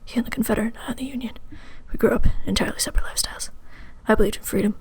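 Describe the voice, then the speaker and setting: A woman voicing a solemn orphaned Civil War storyteller, in a hushed, dramatic whispered role-play. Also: fairly high pitch, fairly even intonation, racing, slightly rough.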